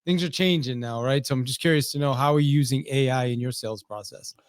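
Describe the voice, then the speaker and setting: A man's voice: mid-range voice, quick pace, no echo, studio quality. A middle-aged man hosting an interview, easygoing and prone to short affirmations and loose questions. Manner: easygoing, with brief listening affirmations. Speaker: podcast host. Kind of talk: casual interview chat.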